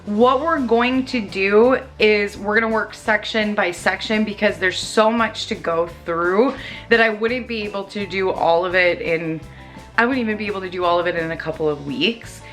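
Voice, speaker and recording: A woman's voice: medium pitch, fairly bright tone, soft background music. A woman hosting a home cleaning vlog, talking casually and often restarting her sentences. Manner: chatty, restarts sentences, talks fast when explaining. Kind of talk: casual vlog chat and voiceover.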